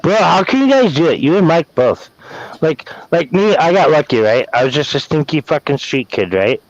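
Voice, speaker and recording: A man's voice: fairly high pitch, big pitch swings, normal speed, no room sound. Rambling, cursing man on lo-fi audio. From Wyoming. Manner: rambling, profane, emotional. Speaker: guest caller venting. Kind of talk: casual livestream chat. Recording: dull lo-fi sound.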